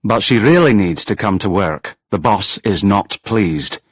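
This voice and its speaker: A man's voice: on the low side, lively intonation, unhurried, husky, no echo. A man voicing a teasing, amused policeman. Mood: brisk. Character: amused cheerful male police officer.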